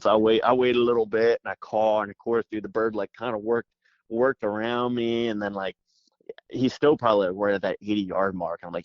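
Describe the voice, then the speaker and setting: A man guest telling a story with excited energy, rambling fast and saying "dude" constantly, calling in by phone. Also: lowish voice, dry recording. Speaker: podcast guest. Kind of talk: animated storytelling. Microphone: phone call. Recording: dull phone line.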